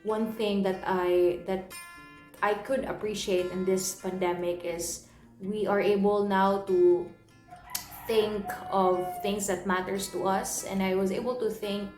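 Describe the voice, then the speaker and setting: A woman's voice: medium pitch, little pitch movement, a little slow. A young woman telling a personal story in an earnest, emotional way, often repeating and restarting her phrases. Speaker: vlogger. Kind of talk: personal confessional vlog. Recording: roomy echo, soft guitar music underneath.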